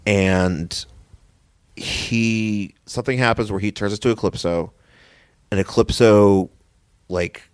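A man co-hosting a podcast in casual chat, rambling excitedly with many restarts. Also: on the low side, takes it slowly, pauses often, smooth, no room sound. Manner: excited, rambling, full of restarts and silly voices. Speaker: podcast co-host.

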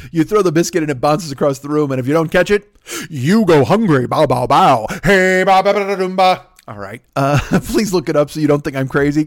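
This podcast host's voice sits fairly high, captured cleanly in a studio with no echo. Alone at the mic, he delivers a profane, meandering comedy rant, dropping into character voices and bursts of scat. A cold leaves him slightly sniffly.

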